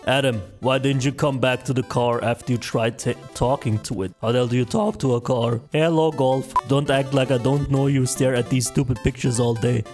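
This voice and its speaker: A young man hosting a reaction video, talking loudly and joking, swearing a lot as he laughs at what he watches. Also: medium pitch, steady tone, normal speed, hardly any pauses, over music. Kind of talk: casual reaction commentary.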